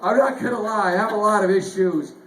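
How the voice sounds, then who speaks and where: Male stand-up, high voice, chuckles a lot, echoey club. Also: a little fast. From Northern Ireland. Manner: chuckles through lines, animated retellings. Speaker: stand-up comedian. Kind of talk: stand-up comedy set. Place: comedy club stage. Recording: echoey club, faint noise.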